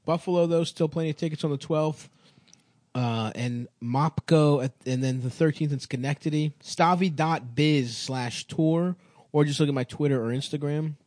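A man's voice: on the high side, moderate pace, a little mellow, no echo, clean studio sound. A man hosting a comedy podcast, crude and joking as he rattles off his tour dates. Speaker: podcast host and touring comedian. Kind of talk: casual comedy podcast banter.

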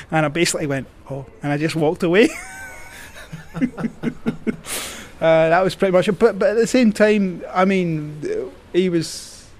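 A Scottish cycling journalist appears as a guest, telling stories casually in a high-pitched voice. He talks fairly quickly with few pauses, rambling with many fillers and restarts. There is slight background noise.

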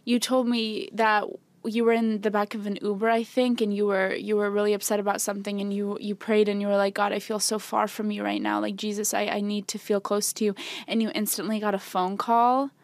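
A young woman with a mid-pitched voice talks about faith on a podcast, bubbly and quick to laugh, then turning earnest and soft. The sound is close and dry. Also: level tone, dry recording. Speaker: podcast co-host. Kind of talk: casual faith chat.

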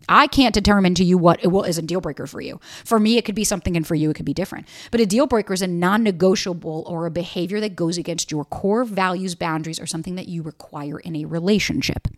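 A young woman hosting a solo podcast, giving blunt dating advice in a casual, animated way and swearing freely. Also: medium pitch, no echo, studio quality. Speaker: podcast host.

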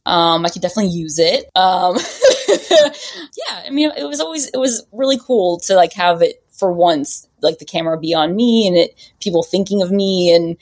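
Woman, podcast guest, lowish voice, rambling casual chat, laughs a lot. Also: darkish tone. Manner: rambling, chatty, laughs often.

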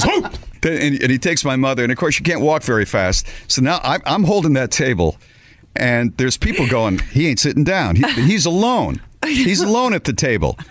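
A man hosting a radio show, telling a story in casual chat and acting out the people in it. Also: medium pitch. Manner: animated, acts out quoted voices.

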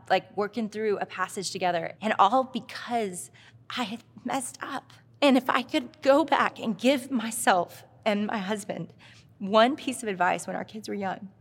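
A middle-aged woman speaking at a Christian leadership event, telling confessional stories and addressing the crowd directly. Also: medium pitch. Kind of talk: conference talk. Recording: long hall reverb from a live talk.

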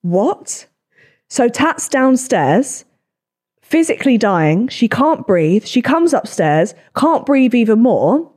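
A young woman, hosting a podcast and telling stories in casual chat, swearing freely. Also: a little high. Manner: swearing, quick animated storytelling. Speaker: podcast host.

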